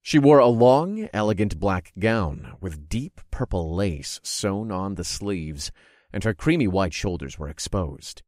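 A man narrating a fantasy story in first person, steady and expressive. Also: low voice, a little slow, no room sound, clean studio sound. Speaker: audiobook narrator.

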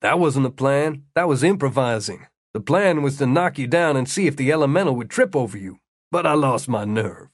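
A man voicing a blunt, quick-thinking young swordsman in an audiobook, plain-spoken and shouting directions when pressed. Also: mid-range voice, expressive, no room sound, studio quality, natural voice. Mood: matter-of-fact.

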